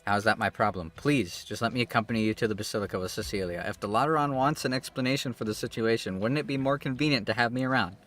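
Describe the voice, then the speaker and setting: A man's voice: mid-range voice, quick pace, few pauses, a bit bright, close to an everyday voice. A man reading an earnest young executor. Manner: earnest, pleading line reading. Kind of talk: reading game dialogue aloud.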